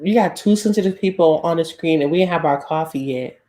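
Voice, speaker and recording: Co-host, woman, lower voice, playful and quick to laugh, loose chat. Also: background noise. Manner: playful, self-conscious, laughs often. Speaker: podcast co-host. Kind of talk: casual chat.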